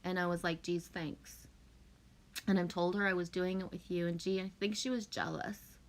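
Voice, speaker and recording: A woman's voice: lowish voice, level tone, fairly quick. A woman hosting a casual livestream, rambling and emphatic as she vents to her viewers, swearing often. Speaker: livestream host. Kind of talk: casual venting to chat.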